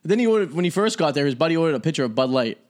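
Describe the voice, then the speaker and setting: A man's voice: a little high, expressive, racing. Casual swearing male podcast host. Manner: rambling storyteller, swears freely. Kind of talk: casual chat.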